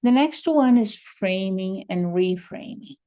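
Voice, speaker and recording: A woman mediation trainer giving a training lecture, explaining in a measured, methodical way. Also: medium pitch, animated, dark tone.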